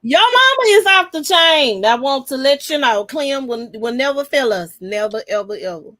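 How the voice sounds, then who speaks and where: A woman co-hosting a podcast, chatting casually with quick, lively reactions. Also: sits high, no room sound. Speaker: podcast co-host. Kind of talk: casual chat.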